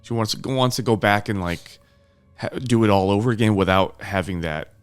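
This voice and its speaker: A man's voice: fairly low pitch, normal speed, smooth, faint music behind. A man co-hosting a film review podcast in casual chat, laid-back and frank, often chuckling between his points. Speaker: podcast co-host.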